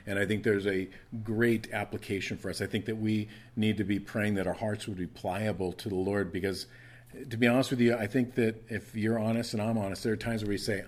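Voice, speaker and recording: A man's voice: lowish voice, brisk, darkish tone. A middle-aged male pastor preaching a sermon in a conversational way, often restarting his phrases.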